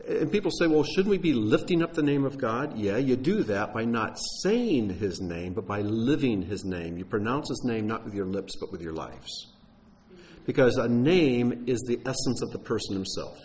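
A man's voice: fairly low pitch, big pitch swings, moderate pace, a little mellow, slight background noise. A man giving an earnest, emphatic sermon teaching, with some wry humor and frequent fillers and restarts. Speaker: teacher of a Messianic congregation.

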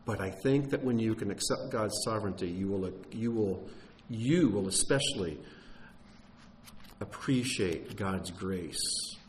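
A middle-aged man preaching a sermon in an earnest teaching tone, restarting phrases and rising in pitch on key points. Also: animated, unhurried, a little hiss or hum, poor audio.

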